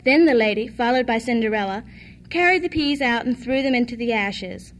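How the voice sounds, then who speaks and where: A woman reading a fairy tale aloud as storyteller, in an even, measured way. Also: a little high, a little hiss or hum.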